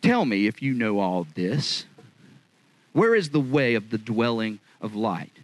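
A man voicing God as a stern, sarcastic deity who questions a mortal, speaking slowly and mockingly. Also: medium pitch, sing-song, rough recording. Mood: solemn.

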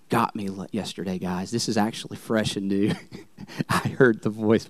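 A male pastor preaching a sermon in church, telling the story in an animated way and laughing often. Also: on the low side, unhurried, no echo.

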